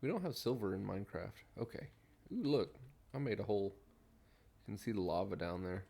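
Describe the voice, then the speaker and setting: Low gravelly man musing while gaming. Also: lively intonation, a little fast. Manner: mellow, rambling, hums absently while building. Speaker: streamer. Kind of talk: relaxed gameplay commentary.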